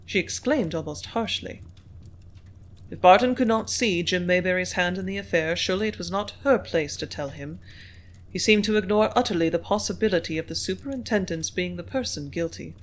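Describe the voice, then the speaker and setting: Steady audiobook narrator. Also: medium pitch, moderate pace. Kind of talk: scripted narration.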